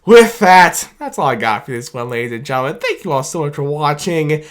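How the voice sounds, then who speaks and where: Excited guy doing a sports fan reaction vlog, rambly, keeps laughing. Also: on the high side, a little fast, slight background noise.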